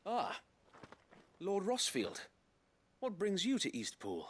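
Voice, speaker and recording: An actor voicing a courteous, thoughtful middle-aged noble knight who speaks formally, with measured speech and a wry touch, in video game dialogue. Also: male voice, sits high, wildly swooping pitch, slightly rough, heavily acted.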